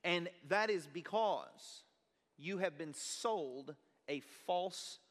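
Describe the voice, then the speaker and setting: A pastor preaching a sermon, telling a personal story in an earnest, conversational way. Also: male voice, sits high, expressive, slow pace, fairly bright tone. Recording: long reverb of a large hall.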